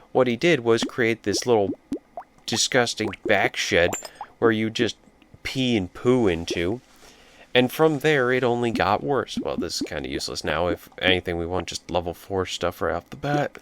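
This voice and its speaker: A man's voice: lowish voice, fairly bright tone, slight background noise. A man telling a rambling story while playing a video game, breaking off to react to the game. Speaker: let's play commentator. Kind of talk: casual storytelling over gameplay.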